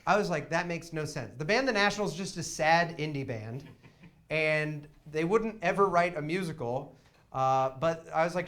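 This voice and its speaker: A young man telling a long comic story on a theater stage, chatty and wry, shouting quoted lines for effect. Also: fairly high pitch, lively intonation, normal speed. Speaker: comedian. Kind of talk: live storytelling stand-up. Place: small theater stage with audience.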